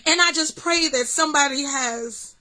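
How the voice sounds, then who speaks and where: A middle-aged woman, excitedly telling a story to her vlog audience with lots of fillers. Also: sits high, normal speed, rough recording. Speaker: vlog host.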